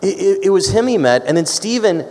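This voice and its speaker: A man's voice: high-pitched, big pitch swings, brisk, a little mellow. A man moderating a panel interview, eager in his questions and stumbling over repeated words. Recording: hall reverb.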